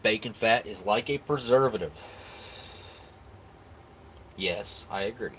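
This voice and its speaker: Slow and fairly low-pitched with a bit of brightness, this man's voice carries slight background noise. He's an American host from the United States, rambling casually through viewer comments on his live stream, easygoing and prone to restarts and laughter.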